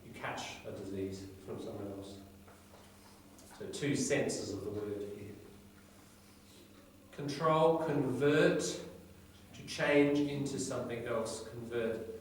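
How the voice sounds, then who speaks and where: A man's voice: medium pitch, takes it slowly. A man teaches English vocabulary to a class, explaining one word after another and checking in with tag questions. He is heard from across a very reverberant classroom, with faint room noise underneath. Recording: very echoey classroom from far off.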